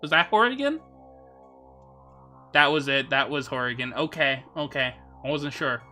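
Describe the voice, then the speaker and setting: A man's voice: medium pitch, expressive, moderate pace, sharp tone, soft background music. A man streaming a video game, chatting casually, joking and laughing often. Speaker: VTuber streamer. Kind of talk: casual gaming commentary.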